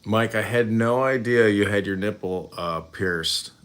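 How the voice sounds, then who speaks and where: A man chatting playfully and hesitantly, filling his pauses with lots of ums and uhs. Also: on the low side, a bit bright, clean tone. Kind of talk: casual chat.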